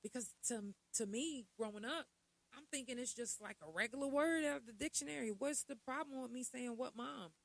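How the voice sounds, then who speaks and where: A woman's voice: a little high, a little fast, creaky, no room sound, rough recording. Middle-aged woman on her podcast, chatty, keeps throwing rhetorical questions at the listeners. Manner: conversational, full of rhetorical questions and asides. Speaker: podcast host. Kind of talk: casual podcast monologue.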